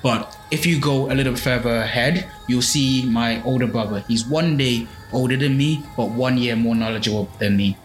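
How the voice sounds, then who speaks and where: A man's voice: mid-range voice, moderate pace, hardly any pauses, natural voice. A man voicing a hungry giant male ogre, quoted matter-of-factly in his retelling, in an echoey room. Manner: plainly quoted, matter-of-fact. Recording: echoey room with faint music.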